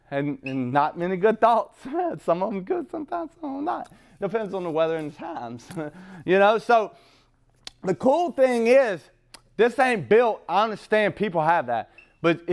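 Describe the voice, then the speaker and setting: Blunt, swearing man sharing his recovery story. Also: sits high. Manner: rambling, restarts, swears freely, laughs often. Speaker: recovery meeting speaker. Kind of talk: profane, blunt recovery talk.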